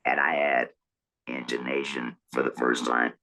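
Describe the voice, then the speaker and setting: A man's voice: extremely low pitch, level tone, pushed and bright, rough recording. Man speaking through a buzzing electrolarynx. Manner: halting, many repeated words and restarts. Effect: electrolarynx buzz. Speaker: guest telling his story. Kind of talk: casual interview storytelling.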